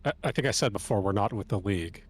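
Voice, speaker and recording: A man's voice: lowish voice, animated, quick pace, husky, no echo. A man playing in a tabletop game, making wry, dry remarks. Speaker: player. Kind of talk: tabletop role-play chat.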